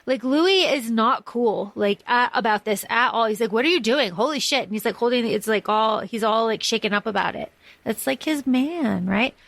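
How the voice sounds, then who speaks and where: A woman's voice: fairly high pitch, normal speed, creaky, a bit bright, dry recording. A woman co-hosting a podcast, rambling enthusiastically about a movie and swearing freely. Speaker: podcast co-host. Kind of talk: casual film discussion.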